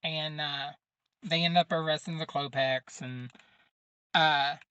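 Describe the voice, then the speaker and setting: A man's voice: a little high, steady tone, takes it slowly, sharp tone, clean tone, dry recording. A man hosting a podcast, casually recapping a movie's plot in a rambling way, with lots of fillers and informal grammar. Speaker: podcast host.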